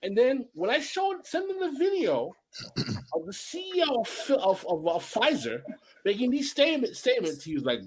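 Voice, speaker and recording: A man's voice: very high voice, normal speed, slightly rough. A middle-aged man hosting a podcast, talking emphatically, telling stories, and repeating his points. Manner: emphatic and animated, repeats himself, tells stories. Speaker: podcast host. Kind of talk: casual podcast chat.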